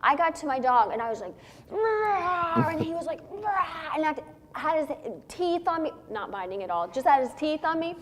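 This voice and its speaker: A woman co-hosting a talk show, telling a lively, laughing story in casual chat. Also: high voice, fairly quick, a little hiss or hum.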